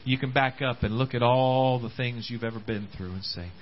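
A man preaching a sermon, with words often repeated and frequent amens, swinging between loud rising calls and quiet low asides. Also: normal speed, muffled recording. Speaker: pastor. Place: church service.

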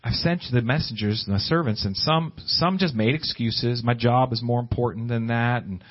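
Pleading preacher, dull lo-fi recording. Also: male voice, normal speed. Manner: swings between high pleading exclamations and low hushed asides. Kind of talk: sermon.

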